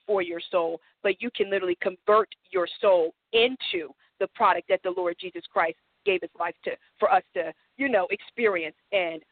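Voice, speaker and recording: A co-host sharing thoughts on a religious talk show, speaking haltingly with many fillers. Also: medium pitch, no echo. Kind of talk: conversational talk show remarks. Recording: dry tinny phone line.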